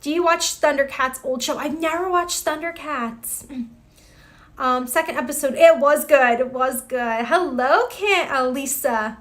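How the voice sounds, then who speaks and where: Bright, high-voiced woman streamer. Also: unhurried. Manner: chatty, greets viewers by name, frequent exclamations. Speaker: live stream host. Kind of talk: casual chat reading viewer comments.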